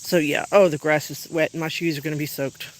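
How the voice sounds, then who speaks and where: A dog owner chatting casually on a livestream from an outdoor backyard, rambling and now and then shouting to call the dogs. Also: mid-range voice, fairly even intonation, fast talker, a little hiss or hum, rough recording.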